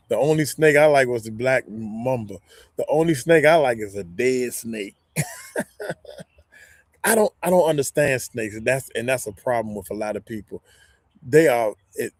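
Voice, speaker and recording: Folksy male live-stream host, rambling advice, mid pitch, dry close sound. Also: dry recording. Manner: folksy, animated, rambling with digressions. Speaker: YouTube growth coach, live stream host.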